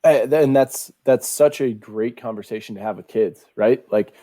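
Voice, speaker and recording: A man's voice: medium pitch, moderate pace, warm tone. A man hosting a podcast, chatting casually and agreeing with his guest, with frequent fillers. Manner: conversational, agreeing, filler-heavy. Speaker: podcast host. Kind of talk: casual interview chat.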